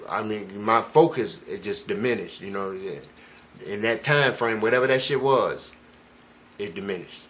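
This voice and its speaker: A man's voice: lowish voice, normal speed, fairly bright tone, a little hiss or hum. A man telling a personal story in a casual, rambling and profane way, full of emphatic asides to the listener. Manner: rambling, profane, emphatic, frequent "you know what I'm saying". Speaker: vlogger.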